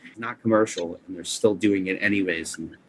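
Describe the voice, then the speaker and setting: A man's voice: deep voice, brisk, a little hiss or hum, low-quality recording. A male podcast host with vocal nodules, chatting about music with a rambling, enthusiastic manner and many fillers. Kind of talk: casual music chat.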